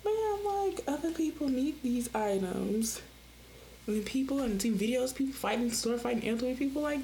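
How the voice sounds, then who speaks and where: Young woman, podcast host, sassy rambling chat, highish voice, faint background noise. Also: fairly quick. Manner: animated, sassy, jumps into mimicked voices. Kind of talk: casual rambling monologue.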